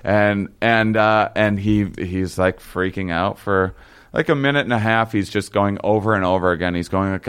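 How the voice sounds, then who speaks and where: A young man telling a long story in casual chat, halting and rambling, with many fillers and restarts. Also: lowish voice, fairly bright tone, clean tone.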